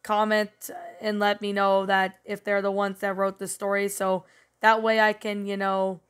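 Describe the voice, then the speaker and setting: A woman hosting a spooky-story channel, giving a rambling casual review, her voice a little rough as if she is sick. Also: medium pitch, completely flat delivery, a little slow. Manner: rambling, leans on "you know" and "um". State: voice rough, sounding a bit sick. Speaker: creepypasta channel host.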